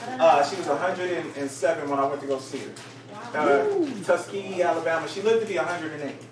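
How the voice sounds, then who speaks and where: A man's voice: a little high, a little fast, a crowd in the background. Man teaching from across an echoey room. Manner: lively storytelling, plays up voices in quotes. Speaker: teacher leading a group study. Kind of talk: casual group teaching. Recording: echoey room from far off, noisy.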